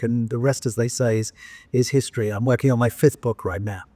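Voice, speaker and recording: A man's voice: mid-range voice, fairly quick, dry recording. English man, older speaker telling stories. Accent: English with some Australian. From England. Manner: anecdotal, self-interrupting, frequent "right?" asides. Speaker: guest, professional speaker. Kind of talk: conversational interview storytelling.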